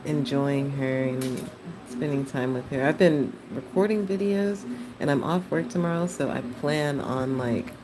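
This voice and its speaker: A woman's voice: extremely low pitch, unhurried, background noise. A woman chatting casually with her livestream chat while she draws, laughing often. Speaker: art livestreamer.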